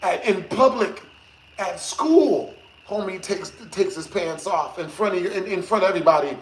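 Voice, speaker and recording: A man streaming games who tells a story to his chat in a lively, slangy way, laughing often and swearing. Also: high voice, moderate pace. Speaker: gaming streamer. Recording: echoey room with faint noise.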